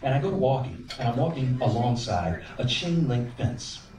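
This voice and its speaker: On a comedy club stage, a Southern American man tells an animated comic story, singing snippets and doing voices. He speaks in a mid-range voice at a normal pace, captured from a distance with roomy club acoustics.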